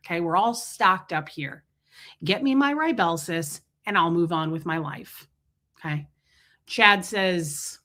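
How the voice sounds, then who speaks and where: A woman chats on her live stream, bright and a touch low in pitch. She tells a story in a joking, casual way, acting out both sides of a talk and stopping to greet viewers by name. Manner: chatty, jokey, greets viewers mid-story. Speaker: livestream host.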